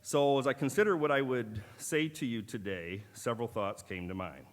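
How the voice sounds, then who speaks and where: A middle-aged man giving a formal keynote speech at a medical school ceremony, in a measured, deliberate manner with wry asides. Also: medium pitch. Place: large auditorium. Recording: long hall reverb from a large auditorium.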